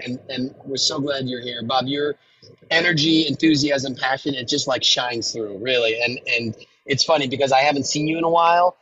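A man's voice: mid-range voice, muffled recording, a little hiss or hum. A man hosting a casual interview over a video call, talking in a rambling way with many restarts. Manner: warm-hearted, rambling with many restarts and fillers. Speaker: podcast host.

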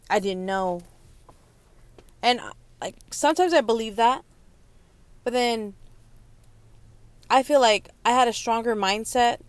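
Young mother, candid vlog confession; halting delivery with restarts, voice on the edge of tears. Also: mid-range voice, dry recording. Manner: halting, emotional, many restarts and pauses. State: close to tears. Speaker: young mother sharing her story. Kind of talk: candid personal monologue.

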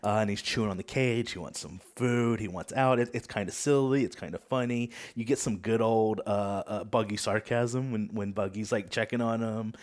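A man with a lowish voice hosts a laid-back podcast discussion. He talks loosely, with plenty of fillers and quick laughs between thoughts. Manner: relaxed, hesitant, laughing often. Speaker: podcast host. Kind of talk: casual chat.

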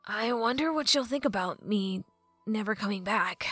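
A woman voicing a quiet, earnest young male hero in a storybook reading, in a gentle understated tone. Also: medium pitch, moderate pace, dry recording, soft background music, lightly acted. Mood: tender. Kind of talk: audiobook character voice.

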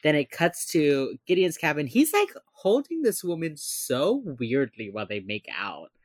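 Recorded dry, an animated woman with a lively pitch co-hosts a casual podcast chat, recapping a TV episode unhurriedly. She acts out the characters' lines and laughs often.

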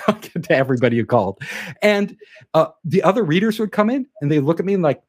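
A man telling an anecdote in a casual interview, animated and acting out the quoted dialogue. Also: on the high side, quick pace. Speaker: guest telling a career story.

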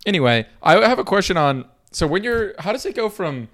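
A man's voice: high-pitched, sing-song, fairly quick, fairly bright tone. A man co-hosting a podcast, chatting casually and joking playfully with his co-host. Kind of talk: casual chat.

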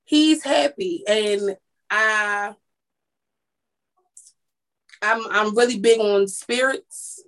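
A woman with a mid-range, fairly bright voice draws out her words and leaves long pauses. She's a makeup artist who owns a lash business, appearing as a guest in a casual interview. Telling her story, she rambles, restarts, and acts out what people said to her.

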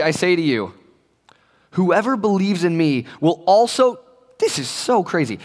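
Young male pastor, slightly high voice, conversational and playful, long hall reverb. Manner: conversational, joking, acts out quoted voices. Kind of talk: casual sermon to young people.

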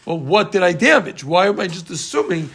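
Animated gravelly-voiced man teaching. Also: high-pitched, a little fast. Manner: animated, repeats points emphatically, teasing students. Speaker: Talmud teacher. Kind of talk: Talmud class lecture.

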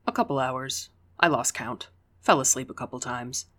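A narrator voicing a soft-spoken steady young man. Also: medium pitch, normal speed, lightly acted. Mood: calm. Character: calm young man, quietly steady then angry.

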